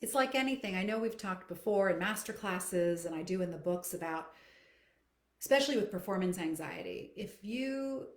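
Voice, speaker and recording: A woman's voice: medium pitch, animated, normal speed. A woman singing coach answering viewers' questions in a live stream, speaking in a reflective way with many fillers and restarts. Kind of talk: live Q&A, conversational teaching. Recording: echoey room.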